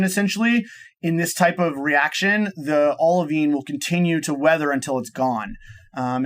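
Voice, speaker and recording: A man's voice: a little high, a bit bright. A man speaking as a guest on an interview show, explaining enthusiastically and rambling, often restarting his sentences and linking ideas with "and so". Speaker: podcast guest, startup cofounder. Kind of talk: casual explanatory interview talk.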